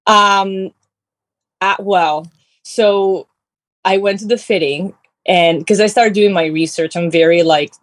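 A woman's voice: mid-range voice, slow pace, no echo. Breezy Italian-accented woman guest. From Italy. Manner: breezy, sassy, many fillers. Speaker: guest actress. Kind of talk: casual interview chat. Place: her bedroom. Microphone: phone on video call.

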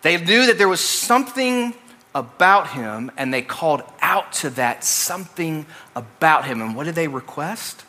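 A man's voice: on the high side, expressive, unhurried, bright, forceful tone. A young man from Alabama with a Southern accent, preaching a casual, story-driven sermon full of fillers and restarts. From Alabama, USA. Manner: conversational, many fillers and restarts.

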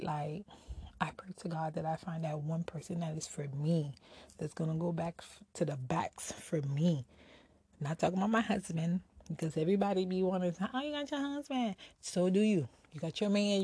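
A woman's voice: lowish voice, creaky, a little mellow, breathy edge, no room sound. A middle-aged woman ranting candidly in a casual personal vlog, slightly out of breath, tossing in rhetorical asides. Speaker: vlogger.

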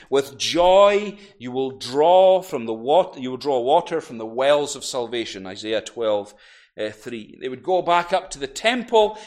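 Male minister, animated pulpit preaching, voice a touch high. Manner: animated preaching, rising to loud cries in quotes. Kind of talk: sermon. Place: church.

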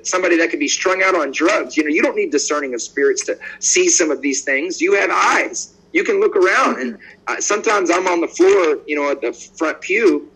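Husky-voiced evangelist telling stories. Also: male voice, high-pitched, moderate pace, poor audio. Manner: lively storyteller acting out quoted dialogue; bold and outspoken. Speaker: evangelist guest. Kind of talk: conversational podcast interview.

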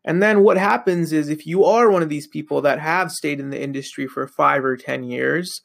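A young man hosts his podcast alone, talking loosely and rambling with plenty of fillers. His voice sits a little high and has a gravelly, fried edge. He sounds a bit sleepy. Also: normal speed, fairly bright tone. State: sleepy, yawning. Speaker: podcast host. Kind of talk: casual solo monologue.

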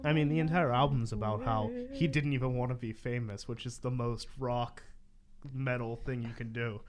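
A young man co-hosting a casual podcast, talking lively and listing names quickly. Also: medium pitch. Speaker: podcast co-host. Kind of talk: casual chat.

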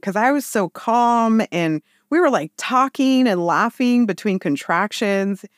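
A woman in her thirties telling a personal story in casual chat, with lively, animated quoted voices. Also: medium pitch, normal speed, few pauses, no echo, studio quality. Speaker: podcast guest.

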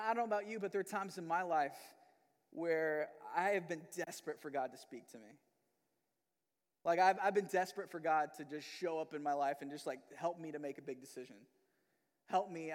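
High-voiced man preaching in a reverberant church. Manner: conversational, animated, acts out quoted prayers and voices. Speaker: pastor. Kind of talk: sermon. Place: church sanctuary.

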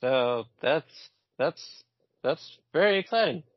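A man co-hosting a casual podcast about comic-book films, animated and blunt, swearing often and repeating himself as he talks. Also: on the high side, slow, dry recording. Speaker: podcast co-host. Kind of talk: casual chat. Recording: dull lo-fi sound.

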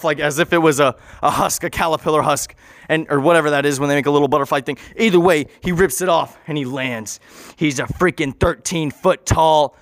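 A man's voice: on the high side, brisk, a bit bright, no echo, clean studio sound. Man spinning a rambling comic story. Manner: rambling, self-interrupting, swears casually.

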